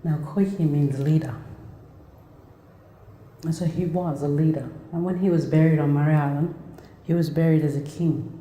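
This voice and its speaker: A woman in her forties speaks as a guest speaker, heartfelt and conversational, often restarting her sentences. Her voice is very dark and mellow. A long, echoey reverb from the lecture hall surrounds her. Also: deep voice, steady tone, normal speed. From Australia. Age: 40s. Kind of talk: personal storytelling talk.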